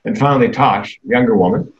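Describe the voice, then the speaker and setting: A man's voice: medium pitch, brisk, dull audio. A man in his sixties giving a comedic keynote talk, candid and darkly self-deprecating.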